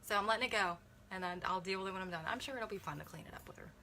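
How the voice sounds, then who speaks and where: A woman's voice: medium pitch, rapid-fire, sharp tone, a little hiss or hum. A young woman, a mother, chatting casually through a beauty kit unboxing, thinking aloud and correcting herself as she reads viewer comments.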